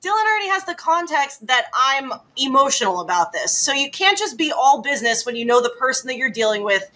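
A woman with a high, animated voice who defends herself earnestly. Her tone is bright and sharp, and her pitch swings widely. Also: a little fast. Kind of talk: casual debate.

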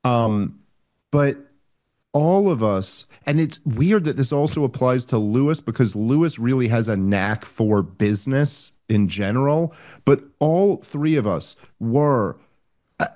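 A man speaks reflectively in a casual chat, pausing and circling as he hunts for the right words. His voice sits in an ordinary middle pitch. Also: animated, warm tone. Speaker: comedy podcast co-host.

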